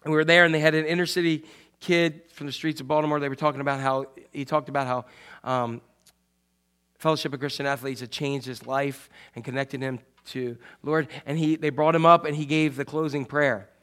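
A man delivers a sermon in a high, lively voice. He acts out quotes loudly, then drops to soft, hushed asides. He talks like a pastor chatting with his congregation. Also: brisk, smooth. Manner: animated, swings from loud acted quotes to soft hushed asides.

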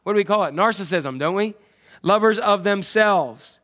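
A pastor preaching a conversational sermon, often asking the congregation questions. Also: male voice, high-pitched, normal speed, fairly bright tone.

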